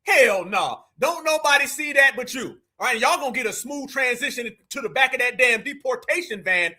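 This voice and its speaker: A man's voice: very high voice, a little fast, pushed and bright. A young man with a Southern US accent, giving brash, mocking reaction commentary full of profanity.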